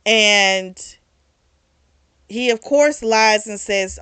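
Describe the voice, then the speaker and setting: A woman's voice: medium pitch, slow, long pauses, dry recording. A woman hosting a book club channel, walking viewers through the plot in an easygoing chat. She takes her time and stops to react to twists along the way. Her voice sounds close and dry, with no room around it. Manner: chatty, retells scenes with lively asides. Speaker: book club vlog host. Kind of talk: casual book recap.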